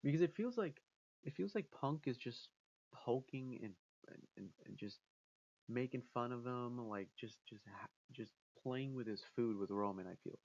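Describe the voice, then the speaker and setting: A man's voice: medium pitch, expressive, moderate pace, darkish tone, dull audio. A man giving casual spoken commentary as a vlogger, rambling with restarts and acting out quotes.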